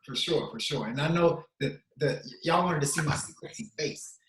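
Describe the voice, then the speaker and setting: A man's voice: fairly high pitch, moderate pace, a little hiss or hum. A man co-hosting a podcast over a video call, chatting casually in a laid-back, joking way. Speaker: podcast co-host. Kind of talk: casual chat. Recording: echoey room.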